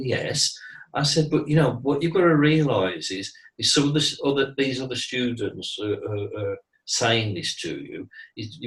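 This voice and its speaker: A man's voice: on the low side, far from the mic, rough recording. A middle-aged man who teaches mediumship, talking earnestly in a casual interview, repeating himself and saying "you know" a lot.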